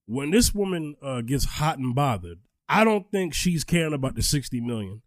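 A man hosting a casual commentary chat, animated and joking as he plays clips. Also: medium pitch, normal speed, no echo. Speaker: host.

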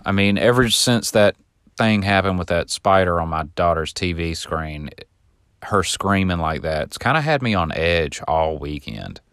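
Talking casually to his audience, a young male podcast host uses a very low, deep voice with a smooth, unhurried flow. He rambles through an extended story from his own life and gets lively when he performs shouted dialogue. The audio is close-miked and dry, with little room echo.

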